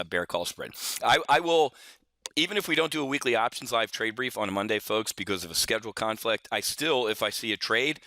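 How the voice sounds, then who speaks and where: A man's voice: fairly low pitch, pushed and bright, dry recording. A man giving a rambling, opinionated market update for his trading members, full of folksy asides and restarts. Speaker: options trading educator. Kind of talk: casual solo market update.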